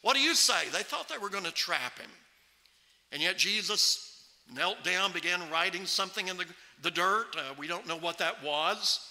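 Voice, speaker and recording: A man preaching a sermon at a microphone in a church, emphatic and slowing right down to stress scripture. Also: high-pitched, sharp tone. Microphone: microphone on a stand. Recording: long hall reverb from a church.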